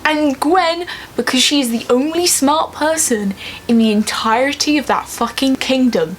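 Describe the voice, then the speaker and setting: A woman's voice: high-pitched, measured pace, a little hiss or hum. A young woman ranting emphatically in a casual vlog, swearing freely and getting emotional. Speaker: vlogger. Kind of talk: casual fan rant.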